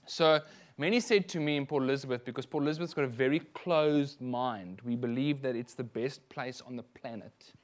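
A middle-aged man from South Africa with a South African accent, preaching a sermon as a minister and telling lively personal stories with frequent asides. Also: mid-range voice, fairly quick.

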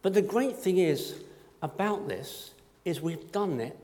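A man's voice: sits high, expressive, measured pace, dark tone. A man preaching a conversational sermon to his congregation, with self-deprecating humor.

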